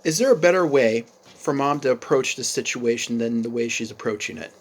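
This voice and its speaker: A man's voice: medium pitch, a little fast. Hesitant male storyteller. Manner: hesitant, many fillers and restarts. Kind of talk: casual storytelling.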